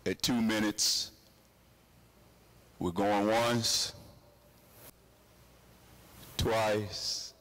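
A man officiating at a funeral, making slow, measured announcements. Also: on the low side, steady tone, a bit bright.

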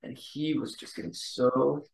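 A polite, steady man hosts an interview and says "ma'am" to his guest. He sits at a distance from the mic. His voice echoes around the room. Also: mid-range voice, unhurried, creaky. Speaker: podcast host, martial arts instructor. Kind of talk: interview hosting.

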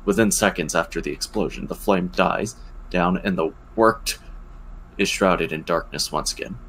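A deep-voiced man co-hosts a comedy podcast, reading fan fiction aloud. He cuts in now and then with a quick wisecrack. A faint hiss sits behind the recording. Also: a bit bright, rough recording. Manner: wisecracking, drops quick jokes. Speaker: podcast co-host. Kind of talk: comedic read-aloud and banter.

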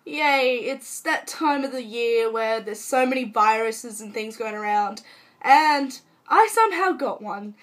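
A young woman sick with a cold, talking to camera at home in a chatty, self-mocking and dramatic way, her voice hoarse. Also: on the high side, animated, measured pace, fairly bright tone. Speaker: vlogger. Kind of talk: casual chat to camera.

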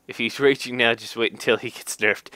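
Reading game card flavor text in a casual way, this gaming YouTuber has a medium-pitched, sharp-toned voice with no echo in the recording. He jokes, laughs at his own gags, and adds dry remarks.

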